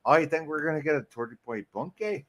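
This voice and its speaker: A man's voice: fairly high pitch, expressive, quick pace, a bit bright. An American man hamming up a folksy Upper Michigan yokel. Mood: joking. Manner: tags nearly every phrase with "eh". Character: man from northern Michigan with a folksy, exaggerated regional drawl.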